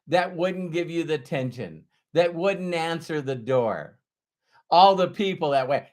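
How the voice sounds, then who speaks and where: Middle-aged man, sales trainer type; high voice, unhurried, earnest, hammers his points by repeating them. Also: animated. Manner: earnest, emphatic, repeats key phrases. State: choked up with emotion. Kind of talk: motivational talk to camera.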